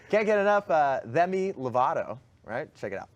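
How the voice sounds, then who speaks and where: A man's voice: fairly high pitch, very animated, muffled recording. A man hosting a talk show, joking playfully in casual studio chat. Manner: playful, joking, quick asides.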